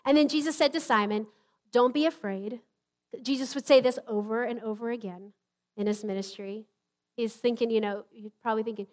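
Woman preacher, fairly high voice, casual emphatic sermon delivery, live church setting. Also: fairly even intonation, brisk, darkish tone. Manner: conversational, emphatic, with jokey asides. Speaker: pastor. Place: church sanctuary.

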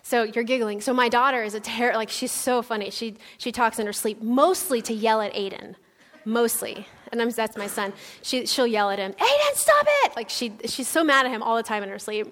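In a church sanctuary with long hall reverb, a woman in her thirties gives a chatty sermon, telling personal stories with lots of fillers. Her voice is fairly high and fairly bright, brisk, with fairly even intonation.

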